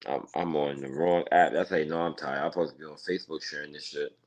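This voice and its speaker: Man, very deep voice, casual live-stream host, loose and chatty, talks to himself. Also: fairly even intonation, quick pace.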